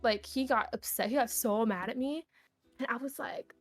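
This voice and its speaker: In a dry recording with soft music in the background, a young woman who streams tells a podcast audience a personal story. Her slightly high voice keeps a normal speed as she rambles animatedly, filling the casual telling with "like."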